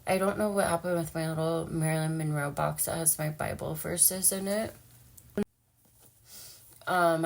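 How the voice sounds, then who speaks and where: A woman's voice: low-pitched, creaky. A young woman talking casually and emotionally in a personal vlog, chatty and full of fillers. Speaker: vlogger.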